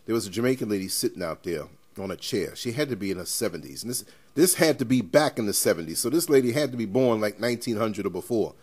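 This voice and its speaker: A man hosting a podcast, telling stories in an animated, emphatic and rambling way. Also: lowish voice, fast, few pauses, husky. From New York. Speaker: podcast host. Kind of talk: casual podcast chat.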